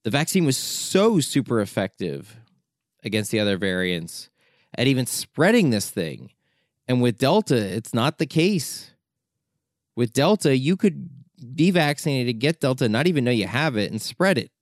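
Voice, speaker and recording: A man's voice: medium pitch, big pitch swings, moderate pace, no room sound, clean studio sound. Exasperated man urging his audience. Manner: exasperated, urgent, repeats words for emphasis. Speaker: documentary filmmaker. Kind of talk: impassioned opinion monologue.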